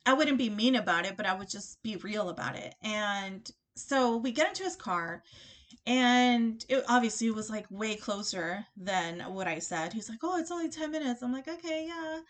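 A woman hosting a podcast, telling a dating story in a chatty, animated way, acting out both sides of the conversation and laughing often. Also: medium pitch, normal speed. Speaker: podcast host. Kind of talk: casual storytelling monologue.

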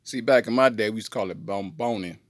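A man telling a comedic story on a podcast in an animated, slangy way. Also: fairly low pitch, fast talker, dry recording, clean studio sound. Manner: animated, slangy, jumps into voices. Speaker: podcast co-host.

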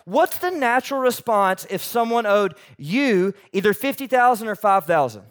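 High-voiced preacher with animated delivery. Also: male voice, moderate pace. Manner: animated, shifts between loud emphasis and soft near-whispers; conversational, asks the audience questions. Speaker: pastor. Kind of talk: sermon.

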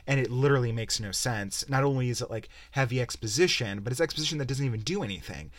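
A young man ranting through a game review, profane and exasperated, rambling from one gripe to the next. His voice sits at an ordinary middle pitch. The sound is close and dry, with no room around it. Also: animated, quick pace, dry recording. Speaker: podcast host. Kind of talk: casual game-review rant.

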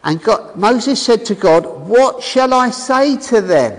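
A man's voice: extremely high pitch, big-room sound, low-quality recording. A man preaching a sermon with enthusiasm, asking the congregation questions and reading scripture aloud. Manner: animated, enthusiastic, reads scripture aloud with pauses.

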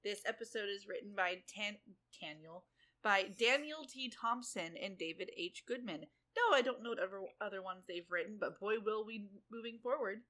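A woman with a bright, clear voice talks through a television episode for a podcast. Her tone is loose and conversational, with quick asides and brief playful voicings of the characters she describes. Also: medium pitch, expressive. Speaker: podcast co-host recapping episodes. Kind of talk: casual chat.

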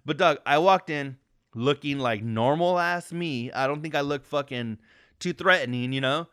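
Profane, animated male podcast storyteller. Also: fairly high pitch, moderate pace, clean tone, no echo, studio quality. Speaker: podcast co-host. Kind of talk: casual storytelling chat.

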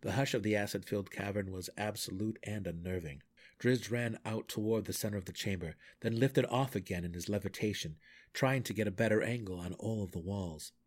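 A man reading a fantasy novel aloud in steady, measured storytelling. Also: lowish voice. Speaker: audiobook reader. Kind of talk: fan audiobook narration.

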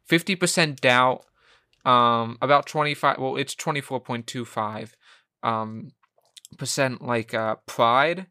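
A man co-hosting a podcast, his voice bright and crisp. He jokes his way through casual talk and halts with restarts. The sound is dry and close. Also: mid-range voice, no echo. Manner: joking, halting with restarts. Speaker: podcast co-host. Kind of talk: casual chat.

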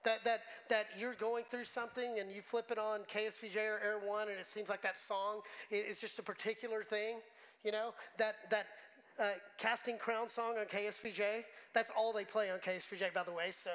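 A man's voice: sits high, flat delivery, a little fast, a bit bright, poor audio. A man preaching a sermon as pastor, talking conversationally and emotionally, often restarting his words.

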